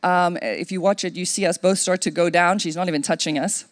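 A woman pastor telling a personal testimony in a sermon, chatty and animated, her voice leaping up as she relives the moment. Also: a little fast, dry recording, clean studio sound. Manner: animated storytelling with big pitch swings and laughter; conversational, chatty with fillers.

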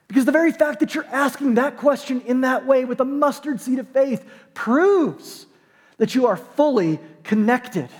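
A man's voice: high-pitched, darkish tone, long reverb tail. A man preaching a sermon as pastor, conversational and emphatic, with dry self-deprecating jokes.

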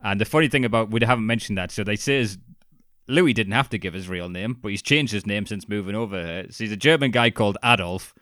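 A man's voice: on the low side, fast talker, a bit bright, dry recording, clean studio sound. A man co-hosting a podcast, joking and swearing, often slipping into silly voices. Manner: jokey, sweary, acts out funny voices. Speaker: podcast co-host. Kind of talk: casual chat.

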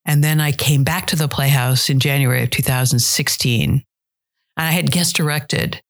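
Low-voiced woman theater director, chatty. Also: fairly even intonation, moderate pace. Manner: chatty storyteller, trails off and restarts. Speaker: dialect coach and theater director. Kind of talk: casual interview conversation.

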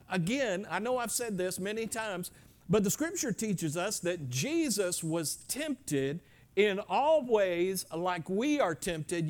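Pastor, male, higher voice, chatty folksy sermon delivery with lilt. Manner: conversational, folksy, with frequent restarts and jokes to the congregation.

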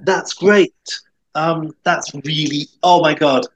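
A man's voice: on the high side, fairly even intonation, slow, a bit bright, slightly rough, dry recording, poor audio. A man co-hosting a podcast, chatting casually and gushing with effusive praise. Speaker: podcast co-host. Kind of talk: casual chat.

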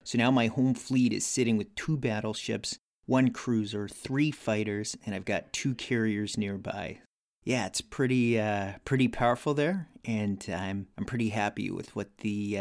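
A man records a board game confessional in a low-pitched voice. He lays out his moves step by step in a methodical, explanatory way. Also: steady tone, moderate pace.

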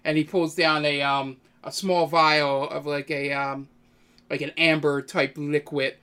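A man's voice: fairly high pitch, level tone, unhurried, bright, forceful tone, clean tone. A young man narrating as game master of a tabletop game, speaking hesitantly with many fillers. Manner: hesitant, many ums and uhs.

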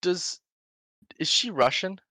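A man's voice: high voice, lively intonation, slow pace, bright, forceful tone, no echo, studio quality. A man hosting a casual chat, blunt and swearing, with a mock-exasperated way of talking. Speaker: podcast host.

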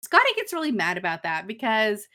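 A woman co-hosting a casual chat podcast, retelling the plot with swearing and flat, deadpan quoted lines. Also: mid-range voice, a little fast. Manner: swears freely, drops into flat deadpan when quoting. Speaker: podcast co-host. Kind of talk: casual chat recapping an episode.

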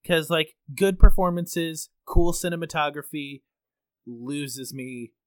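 A man's voice: a little high, takes it slowly, clean tone, no room sound. A man co-hosting a podcast, talking in a laid-back, wry way. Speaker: podcast co-host. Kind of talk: casual chat.

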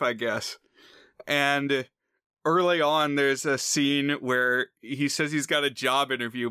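A man's voice: mid-range voice, clear, resonant tone, dry recording, clean studio sound. A man co-hosting a podcast, discussing a film casually and acting out bits of scenes. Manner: animated, acts out lines from scenes. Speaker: podcast co-host.

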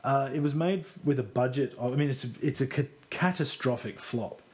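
A man's voice: medium pitch, brisk. A man co-hosting a podcast, chatting casually about a film he likes, rambling and self-deprecating, with casual swearing. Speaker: podcast co-host. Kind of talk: casual film review chat.

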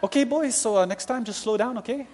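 A man's voice: extremely high pitch, fast talker, a little mellow, some chatter behind, pitched above the performer's own voice. A man playing a jovial, friendly male police officer in a folksy, chummy way.

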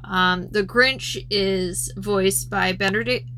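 A woman's voice: medium pitch, fairly even intonation, takes it slowly, bright, forceful tone, slight background noise. A woman retelling a film's plot in a casual, rambling chat with frequent ums. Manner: chatty and rambling, lots of ums.

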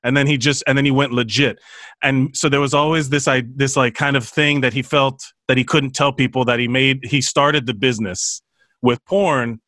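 A man hosting casual chat, rambling with halting restarts. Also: medium pitch, steady tone, fairly bright tone, no room sound.

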